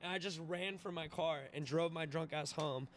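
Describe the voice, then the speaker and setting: A young man in his twenties, a podcast guest telling a wild story in an animated, profane way, laughing and acting out the voices. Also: a little high, normal speed. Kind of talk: casual storytelling.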